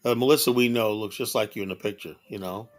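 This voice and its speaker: A man's voice: lowish voice, fast. A man hosting a livestream show, talking bluntly and casually in a rambling monologue, often adding "you know.".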